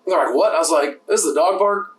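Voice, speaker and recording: A New bartender tells stories fast and in a high voice, acting out every back-and-forth and swearing freely. His voice sounds roomy and distant, as if he sits back from the mic. The chat is loose and casual. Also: a little hiss or hum. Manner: animated storyteller, acts out quoted exchanges, swears freely. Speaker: podcast co-host.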